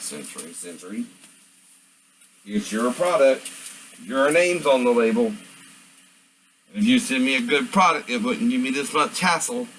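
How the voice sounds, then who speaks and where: Man, home vlog, rambling monologue, venting, mid-pitched voice. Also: fairly bright tone, slight background noise, rough recording. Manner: rambling, venting, addresses absent people with "right?". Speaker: vlogger.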